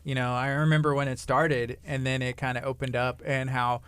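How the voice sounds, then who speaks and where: A man's voice: medium pitch, level tone, a little fast, a bit bright, smooth, no echo. A man hosting a morning radio show, chatting casually and easygoing with guests in the studio. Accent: Texan. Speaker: radio host.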